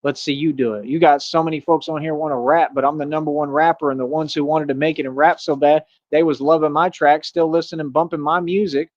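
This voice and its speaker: Man, livestream rant, boastful, mocking, rambling, slightly high voice. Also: fairly even intonation, fast, hardly any pauses, darkish tone, dry recording, highs cut off. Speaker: streamer.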